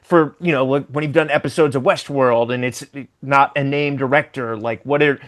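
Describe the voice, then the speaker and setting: A man's voice: mid-range voice, steady tone, moderate pace, a bit bright. A man hosting an interview podcast, chatting in an effusive, enthusiastic way. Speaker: podcast host. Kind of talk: casual interview chat.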